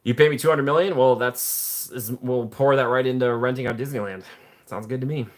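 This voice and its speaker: Playful man hosting a live stream. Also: a little fast. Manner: playful and jokey, often laughing, with sudden excited jumps in pitch. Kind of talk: casual live stream chat, reading viewer comments.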